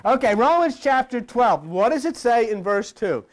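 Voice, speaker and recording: An older preacher delivers a rambling, folksy sermon to a live room, taking it slowly in a sing-song way. His pitch rises and falls widely as he jokes with and teases the congregation, swinging between loud asides and low murmurs.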